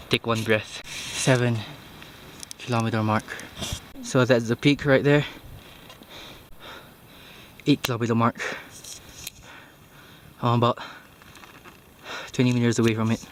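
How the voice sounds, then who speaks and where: Climbing a mountain outdoors, a man narrates his hike to a handheld camera for his vlog, breathless and matter-of-fact. He speaks in a flat, mid-range voice at an unhurried pace, leaving long pauses. Slight background noise can be heard.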